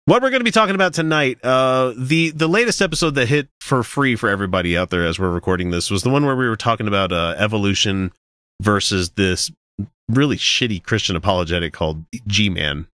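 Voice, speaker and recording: A man's voice: lowish voice, expressive, brisk, bright, forceful tone, dry recording. A man hosting a podcast, chatting casually and sarcastically, swearing freely as he reads out a text he mocks. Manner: profane, sarcastic, reads a text aloud mockingly. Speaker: podcast host.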